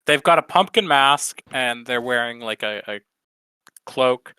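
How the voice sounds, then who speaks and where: Bright-voiced man running a tabletop game. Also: medium pitch, expressive, a little slow, clean tone, no room sound. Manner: hesitant, many fillers. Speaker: game master.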